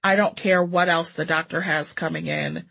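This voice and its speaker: Narrator doing a pushy caller, insistent, kinda gravelly voice. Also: medium pitch, steady tone, normal speed, bright, forceful tone, full character voice. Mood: demanding. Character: demanding pet owner on a voicemail.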